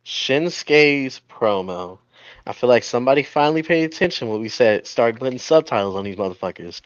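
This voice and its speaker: A man's voice: medium pitch, lively intonation, fairly quick, no echo. A man co-hosting a casual wrestling podcast, blunt and swearing freely. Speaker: podcast co-host. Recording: dry, dull lo-fi audio.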